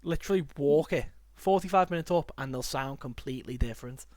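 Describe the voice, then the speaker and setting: A man's voice: fairly high pitch, quick pace, dry recording. Northern English man, young adult, casual podcast chat, rambling, dry close sound. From north of England, near Liverpool. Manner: chatty, rambling, animated when joking. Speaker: podcast host.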